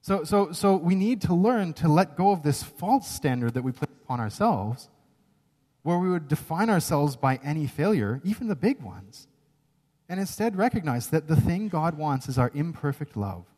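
A man delivers a sermon in a lively, higher-pitched voice that rises and falls freely. He speaks earnestly and emphatically, tossing in quick "right?" asides. His words ring out with the long reverb of a large hall. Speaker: preacher.

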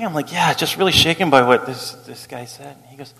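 Storytelling pastor in a reverberant hall. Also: male voice, mid-range voice, brisk, vocal fry, slight background noise. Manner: animated, acts out quotes, laughs while telling. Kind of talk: storytelling sermon.

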